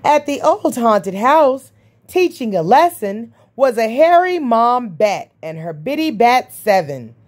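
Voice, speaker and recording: A woman's voice: big pitch swings, slow pace, darkish tone. A woman reading a rhyming picture book aloud in a sing-song rhythm. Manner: sing-song rhythm, jumping high for the creature calls. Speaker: storybook reader.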